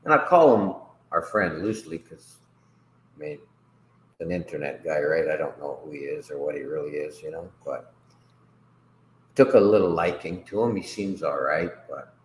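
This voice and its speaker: Man, deep voice, rambling profane livestream chat, echoey room, faint background hiss. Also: normal speed. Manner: profane, rambling, laughs often. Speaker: host.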